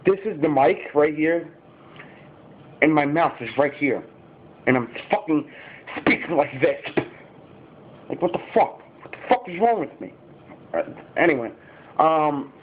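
A fifteen-year-old boy chatting casually to camera, rambling with lots of fillers and swearing. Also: on the high side. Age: teenager, fifteen. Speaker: YouTuber. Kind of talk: casual vlog talk to camera. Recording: tinny phone-like sound.

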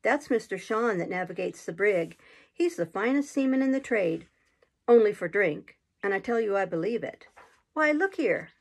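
A woman's voice: mid-range voice, lively intonation, moderate pace. A woman voicing a boastful, half-witted young male cabin boy with a bragging swagger.

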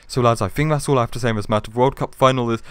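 A man's voice: mid-range voice, rapid-fire, clean tone, no room sound. Chatty man hosting gaming commentary. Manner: chatty, rambling, addresses viewers as lads. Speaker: gaming video host.

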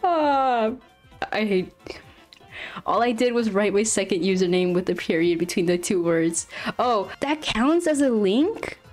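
Faint music sits behind a young woman who streams while drawing, her medium-pitched voice lively in intonation, a little mellow and measured in pace. She is flustered and apologetic, often laughing and exclaiming as she talks with her chat.

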